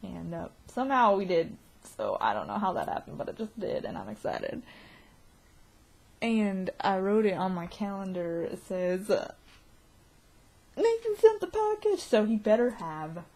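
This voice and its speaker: A woman vlogging a casual video diary, excitable and giggly, rambling from one thought to the next. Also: fairly low pitch, normal speed, creaky.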